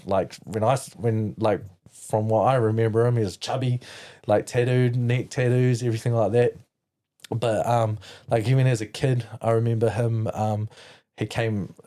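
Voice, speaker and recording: A man's voice: fairly low pitch, warm tone. A man from New Zealand as a podcast guest, telling his own story candidly, rambling with many "like" fillers and blunt swearing.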